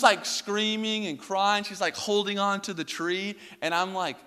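A man's voice: high-pitched, fairly even intonation, unhurried, few pauses, sharp tone, clear, resonant tone. A young man preaching a sermon, telling a personal story in a casual way with many filler words. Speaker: pastor. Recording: reverberant hall.

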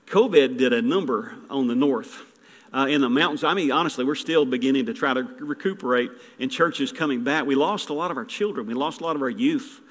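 A man's voice: on the high side, fairly bright tone, long reverb tail. A man preaching a folksy, rambling sermon as a guest preacher, full of jokes and restarts. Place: church sanctuary.

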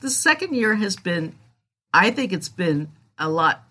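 Candid bright-voiced woman podcaster. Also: mid-range voice, big pitch swings, a little slow, breathy edge. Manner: candid, rambling, self-deprecating. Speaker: podcast host. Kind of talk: casual solo podcast talk.

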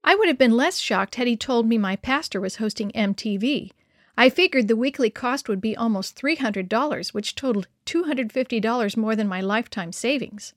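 A woman reading a first-person story aloud in a lively, expressive storytelling manner. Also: a little high, a little fast, dry recording, clean studio sound.

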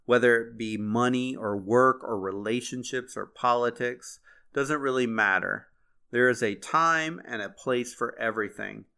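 A man with a bright, forceful voice hosts a podcast. He reads passages aloud and then talks them over in an earnest, conversational way. His pitch sits in the middle range for a man. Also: unhurried, creaky, smooth. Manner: earnest, conversational, with fillers and restarts. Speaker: podcast host. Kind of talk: podcast reading and reflection.

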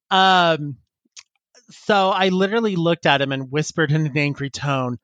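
A man's voice: a little high, steady tone, unhurried, pauses often, a bit bright, no echo. Man, podcast co-host, casual chat, reads listener emails, giggly and rambling, dry sound. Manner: laughs often, rambling and self-interrupting.

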